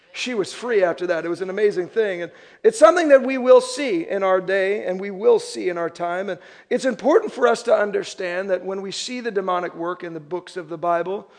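High-voiced man preaching a lively sermon. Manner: animated, acts out quoted voices. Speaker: pastor.

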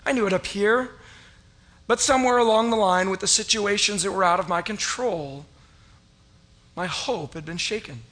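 A middle-aged man preaching a sermon as a pastor, telling stories and acting out his past self with loud, rising cries. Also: high-pitched, normal speed, pauses often.

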